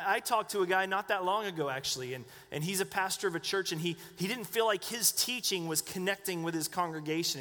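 A man's voice: sits high, fairly bright tone, in a large hall. A man preaching a conversational sermon as pastor, asking the congregation questions. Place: church.

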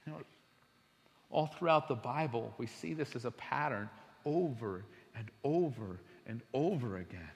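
A man preaching a sermon, telling stories with big swings between hushed, slow passages and loud bursts. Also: mid-range voice, expressive, big-room sound.

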